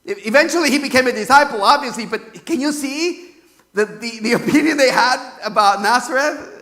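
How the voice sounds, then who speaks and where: A man's voice: very high-pitched, fairly quick, sharp tone. A man from California preaching a sermon in a conversational way, full of fillers and rhetorical questions. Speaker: pastor.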